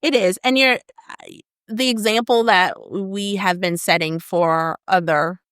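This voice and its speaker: A woman co-hosting a podcast, chatting casually and steering the conversation through each point. Her delivery is animated, with mid-range pitch. The sound is dry and close, with no room echo. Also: measured pace, clear, resonant tone. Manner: animated, leads the list of topics, frequent agreeing murmurs. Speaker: podcast co-host. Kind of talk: casual chat.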